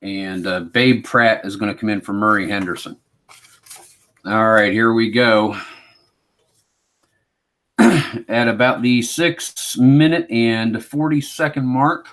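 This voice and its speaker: A man running a solo tabletop hockey game, calling each play like a sportscaster in a relaxed, self-mocking way. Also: fairly low pitch. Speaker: board game player and host.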